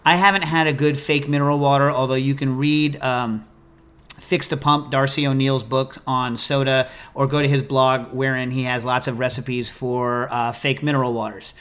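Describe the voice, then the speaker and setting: A man hosting a food call-in show, chatting casually and answering listener questions in an opinionated, animated, digressive way. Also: mid-range voice, normal speed, clear, resonant tone.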